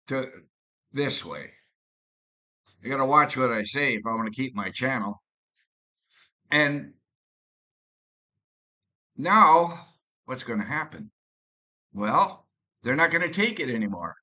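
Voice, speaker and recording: A man talking to camera in a rambling, halting personal monologue, often restarting his sentences. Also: medium pitch, sharp tone, highs cut off. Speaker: vlogger.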